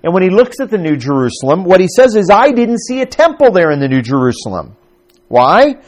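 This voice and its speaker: A man's voice: sits high, big pitch swings, brisk, darkish tone. A man preaching a conversational sermon to his congregation, asking them questions as he teaches. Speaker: pastor.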